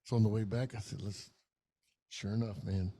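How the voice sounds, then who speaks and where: A man's voice: lowish voice, steady tone, moderate pace, warm tone. A middle-aged man, telling a long, profane, rambling story in casual podcast chat. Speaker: podcast co-host.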